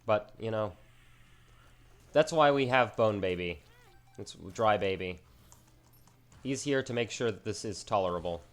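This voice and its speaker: A man with a somewhat low voice talks through his game run in a loose, rambling way. He mocks himself now and then and drops casual slang as he goes. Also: a little slow, pauses often. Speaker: gaming channel host. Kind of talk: casual gameplay commentary.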